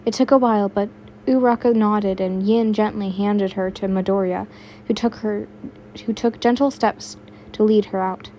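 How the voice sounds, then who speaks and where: A woman's voice: mid-range voice, steady tone, normal speed, dark tone, lo-fi sound, slight background noise. A young woman reading fan fiction aloud in a casual way, stumbling now and then and adding her own asides. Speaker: fanfiction reader.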